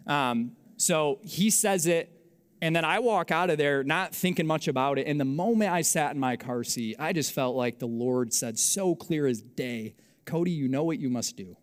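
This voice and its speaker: A young adult man, a pastor, telling a story in a sermon with animated, self-mocking delivery and acted-out dialogue. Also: fairly high pitch, normal speed, clear, resonant tone.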